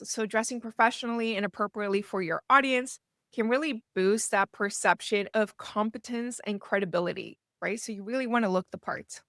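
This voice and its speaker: A woman's voice: mid-range voice, gravelly, fairly bright tone, dry recording. Chatty woman fundraising coach, dry sound. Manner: chatty, frequently checks in with "right?" and starts with "so". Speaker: fundraising consultant and educator. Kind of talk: conversational teaching talk to camera.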